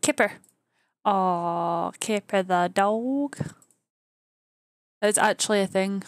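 A talkative woman with a Northern English accent, co-hosting a casual live stream. She chatters freely and lights up quickly. Her voice sits mid-range and sounds dry and close. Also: mid-range voice, no echo. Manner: chatty and talkative, easily excited.

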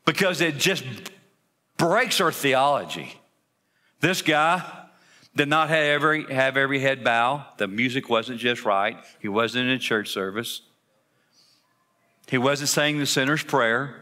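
A man's voice: medium pitch, unhurried, sharp tone. A man preaching an Easter sermon in a church service, emphatic, with rhetorical questions and repeated phrases. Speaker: pastor.

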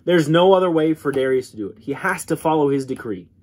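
Man, Bible class teacher, slightly high and husky voice, earnest and repetitive delivery. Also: animated, quick pace, darkish tone. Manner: earnest, repeats words when restarting, dramatic drops in pitch. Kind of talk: church Bible class lesson.

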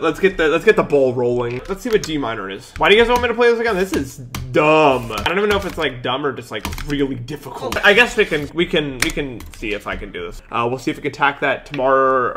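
A man chatting casually on a live stream while playing a game, jokey and excitable, with sudden shouts and laughs. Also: medium pitch, a little hiss or hum.

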